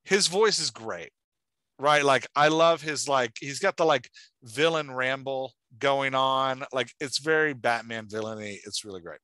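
A man's voice: medium pitch, unhurried, sharp tone, no room sound. A man hosting a podcast and giving writing feedback in an enthusiastic, chatty way, with lots of "like". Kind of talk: casual chat.

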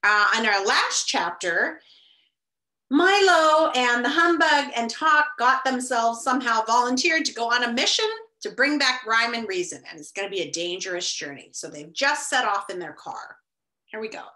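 A woman teacher reading a novel aloud to students, expressive, with chatty asides. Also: on the high side, normal speed. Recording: roomy echo.

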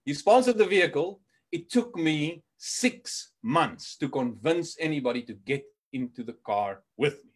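A man's voice: on the high side, measured pace, husky. A South African man giving a motivational keynote, telling a story and acting out the dialogue and stutters for laughs. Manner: animated, acts out dialogue and stutters for comic effect. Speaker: motivational speaker.

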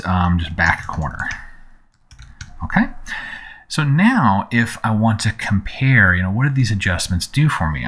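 Low-voiced man hosting a relaxed tutorial. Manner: relaxed, conversational, many fillers like "you know" and "um". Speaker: photography tutorial host. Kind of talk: casual screen-recorded software tutorial.

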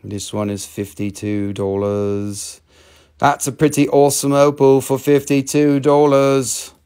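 A man's voice: mid-range voice, steady tone, a little slow, warm tone, smooth. A middle-aged man from Western North Carolina, hosting a casual live sale of stones, rambling and joking as he goes. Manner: joking, rambling, slips into a mock Italian-French accent. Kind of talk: casual live sales chat.

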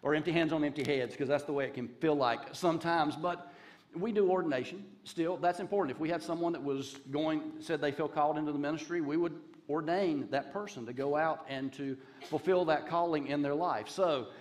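Fast-talking man preaching a sermon. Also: fairly high pitch. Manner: conversational, rambling with restarts. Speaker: guest pastor.

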